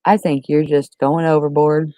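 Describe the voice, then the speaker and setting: A woman's voice: low-pitched, flat delivery, moderate pace, dark tone, no echo, lo-fi sound. A woman co-hosting a live stream, answering bluntly in slangy casual chat. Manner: laughs easily, blunt slangy replies. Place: live online stream panel.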